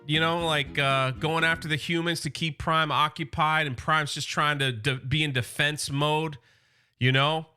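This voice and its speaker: A man's voice: a little high, little pitch movement, measured pace, bright, forceful tone, clear, resonant tone, soft background music. A man hosting a comic book channel, casually and enthusiastically recapping an issue and reading the quotes aloud.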